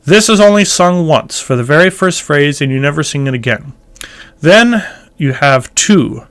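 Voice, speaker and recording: Man teaching chant, smooth voice. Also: a little high, expressive, normal speed, fairly bright tone. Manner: explains thoughtfully, breaks into chanted phrases. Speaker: church music teacher. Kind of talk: casual instructional talk with sung examples.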